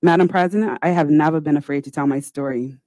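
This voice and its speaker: A woman's voice: low voice, a little mellow, dry recording, rough recording. A woman senator, giving a formal, earnest, pleading speech in a legislative chamber. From Bermuda. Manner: earnest, pleading, with slow deliberate pauses.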